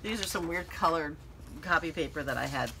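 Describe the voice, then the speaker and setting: A woman's voice: sits low, fairly quick, vocal fry, noisy background. A middle-aged woman hosting a crafting channel, chatting casually and thinking aloud with lots of fillers as she works. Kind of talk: casual crafting tutorial chat.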